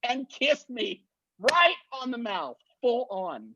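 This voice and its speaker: A man in his fifties, a guest on an interview, telling stories in a lively way and acting out the people in them. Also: very high voice, slow pace, muffled recording, slight background noise. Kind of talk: anecdotal storytelling.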